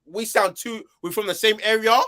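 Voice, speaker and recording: A man from London with a London accent joins a podcast over a remote call. He talks in an emphatic, joking way and often adds tag questions. His voice is high for a man, and it is bright and sharp. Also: steady tone, normal speed. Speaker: podcast guest. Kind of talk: casual podcast chat.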